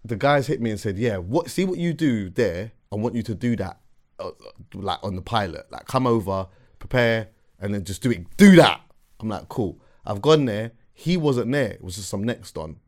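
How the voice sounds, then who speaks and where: A man telling a story on a casual podcast, his voice climbing high and loud when he gets excited. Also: normal speed. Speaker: podcast co-host.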